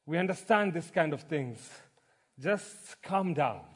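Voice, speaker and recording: A man voicing a calm, reassuring old gatekeeper at heaven's gates in a sermon joke. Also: on the high side, takes it slowly, slightly rough, exaggerated voice.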